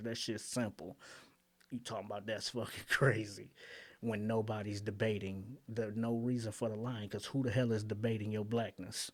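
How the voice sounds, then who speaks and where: A man with a somewhat low voice hosts his own lyric breakdown show. He talks in loose, animated casual commentary. He argues bluntly, drops slang and fills his pauses with "um". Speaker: channel host breaking down rap lyrics.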